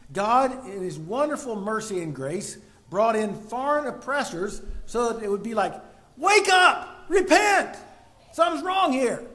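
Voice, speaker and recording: A man with a high voice preaching a sermon. He poses rhetorical questions to his listeners and punches key words with sudden loud bursts.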